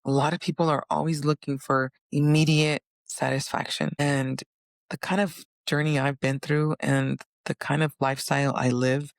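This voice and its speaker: Earnest woman with a gravelly voice. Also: moderate pace, dry recording, studio quality. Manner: earnest, animated, acts out inner voices in higher pitch. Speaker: vlogger. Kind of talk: personal storytelling monologue.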